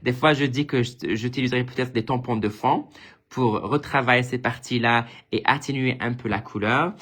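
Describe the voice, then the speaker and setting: Man, casual live craft demo, enthusiastic, rambling restarts, thanks viewers, middle-pitched voice. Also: moderate pace. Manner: chatty and enthusiastic, with frequent restarts and fillers; reads viewer comments and thanks them warmly. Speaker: guest craft designer presenting on a shop live stream. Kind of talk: casual live-stream craft show-and-tell.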